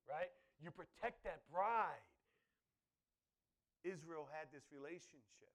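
Animated male preacher, rather high-pitched. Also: takes it slowly, long pauses. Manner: animated, swings from loud to hushed; conversational preaching with personal stories. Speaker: pastor. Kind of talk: sermon.

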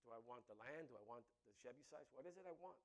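A man preaching a sermon, swinging from loud emphatic bursts to quiet asides and laughing often. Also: medium pitch, lively intonation, racing. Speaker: pastor.

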